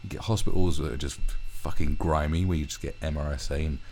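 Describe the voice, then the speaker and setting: A man's voice: extremely low pitch, steady tone, fast, darkish tone, faint music behind. A man ranting through a commentary video, swearing heavily and often restarting his sentences. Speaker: commentary vlogger.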